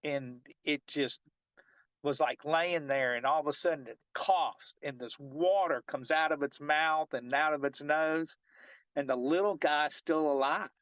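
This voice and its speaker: Man, fishing guide, rambling storyteller; slightly high voice, dry close sound. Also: a little slow, a bit bright, dry recording, low-quality recording. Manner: rambling, many restarts and fillers. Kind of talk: casual storytelling interview.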